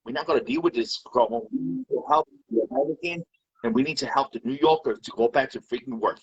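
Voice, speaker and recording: A man's voice: medium pitch, fast talker, slightly rough, lo-fi sound. A man giving a heated, repetitive rant on a live video. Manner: heated, repetitive, swears often. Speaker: live video chat participant.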